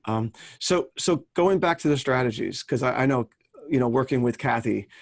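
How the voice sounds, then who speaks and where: Podcast host, male, husky gravelly voice, dry close sound, chatty and rambling. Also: mid-range voice, expressive, moderate pace, no room sound. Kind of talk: casual podcast chat.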